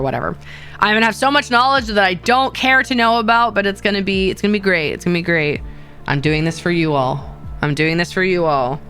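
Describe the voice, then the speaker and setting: A woman's voice: fairly low pitch, a bit bright, smooth. A woman streamer casually chatting with her viewers in a playful, rambling way, often laughing and repeating herself. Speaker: VTuber streamer.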